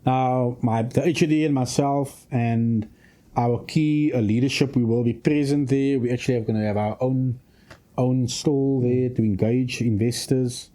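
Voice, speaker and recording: A man, a provincial minister giving a radio interview in long, measured policy statements. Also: medium pitch, steady tone, warm tone. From South Africa. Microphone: studio microphone.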